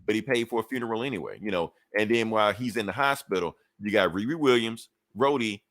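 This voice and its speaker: Casual comic podcast co-host, male, lowish voice, dry close sound, rambling profane recap. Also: quick pace, a bit bright, no room sound. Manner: loose, profane storytelling with filler asides.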